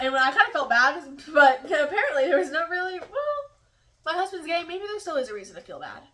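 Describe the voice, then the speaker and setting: Young woman, high voice, chatty and giggly, filming in her kitchen from a distance. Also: a bit bright, echoey room. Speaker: vlogger. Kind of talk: casual storytelling while cooking. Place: home kitchen.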